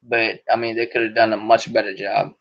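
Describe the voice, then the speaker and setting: A man's voice: on the low side, level tone, brisk, vocal fry. Slangy, profane man on a podcast. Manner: profane, slangy, laughs often. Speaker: podcast host. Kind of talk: casual podcast chat. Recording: dull lo-fi podcast audio.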